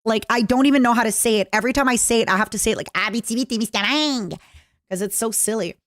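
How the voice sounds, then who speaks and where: A young woman with a Canadian accent chatting casually with her stream viewers, jokey and full of quick asides. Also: fairly high pitch, no echo, clean studio sound. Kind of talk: casual livestream chat.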